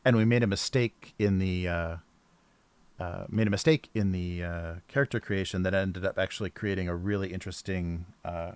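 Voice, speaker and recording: A man co-hosting a casual livestream chat, talking in a halting way with many pauses and fillers. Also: low-pitched, steady tone, clean tone, no echo. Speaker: co-host and game master.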